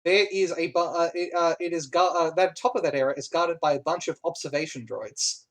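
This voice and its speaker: A man narrating a tabletop game as game master, halting often with fillers and restarts. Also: on the high side, fairly bright tone.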